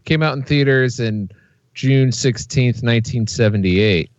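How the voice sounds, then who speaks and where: A man's voice: mid-range voice, measured pace, dry recording, dull audio. A man co-hosting a movie podcast in casual chat, easygoing, laughing along and reading out movie details. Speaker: podcast co-host.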